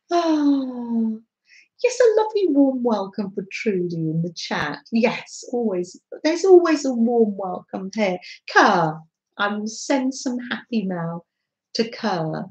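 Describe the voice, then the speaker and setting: A middle-aged woman hosting a craft live stream, chatting gently with viewers and laughing often. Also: on the high side, big pitch swings, slow pace, low-quality recording. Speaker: craft livestream host. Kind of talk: casual live-stream chat.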